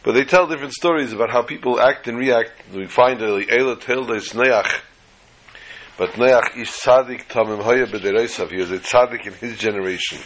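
A man's voice: mid-range voice, moderate pace, a bit bright, a little hiss or hum, low-quality recording. Joke-telling male Torah teacher. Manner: chatty storyteller, acts out jokes. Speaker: rabbi teaching a weekly class. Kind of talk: Torah class told with jokes.

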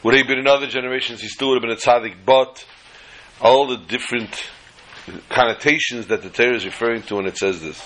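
A man's voice: medium pitch, fast, a bit bright, slight background noise, rough recording. Male rabbi, casual storyteller giving a Torah class with jokes. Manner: chatty storyteller, acts out jokes. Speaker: rabbi teaching a weekly class.

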